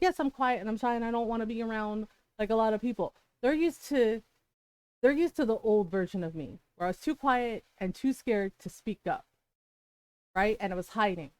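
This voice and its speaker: A woman's voice: high voice, a little mellow, no echo. A woman livestream host telling a story in casual chat, emphatic and full of profanity, laughing often.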